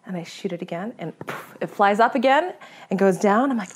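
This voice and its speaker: A woman telling a story as a guest in a conversation, animated, laughing often and acting out her own reactions. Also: mid-range voice, fairly quick, slight background noise. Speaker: guest hunter.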